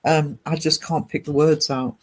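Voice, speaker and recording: A man's voice: a little high, flat delivery, normal speed, husky. A man from Northeast England with an English accent, chatting casually with viewers on a live art stream in a rambling way. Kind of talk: casual chat while streaming.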